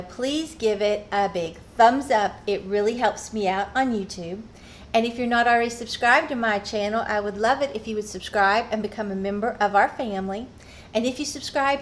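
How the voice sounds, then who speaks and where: A woman chatting casually while she shows a craft project at home, speaking warmly and rambling, recorded on a phone. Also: a little high, slight background noise. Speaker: craft vlogger.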